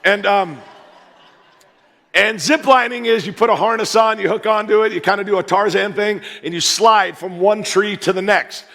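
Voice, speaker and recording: A man from the US in his fifties preaches with a raised, gravelly voice, ribbing the crowd as he tells a story. His voice carries through a big church sanctuary with a long, ringing echo. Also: high voice, moderate pace. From United States. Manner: joking, animated storyteller who plays to the crowd. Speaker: guest pastor. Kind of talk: humorous sermon storytelling. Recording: reverberant church hall.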